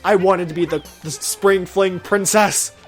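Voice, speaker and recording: A man's voice: high-pitched, steady tone, unhurried, soft background music. A man voicing a spiteful, petulant young woman villain in a comic story. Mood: petulant gloating.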